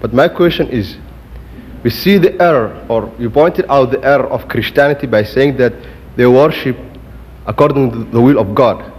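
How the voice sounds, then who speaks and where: A husky male voice from the floor asks a question at a lecture, stopping and restarting often as he searches for words. Long hall reverb hangs on his speech. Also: medium pitch, moderate pace, darkish tone. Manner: hesitant, many fillers and restarts. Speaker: audience questioner.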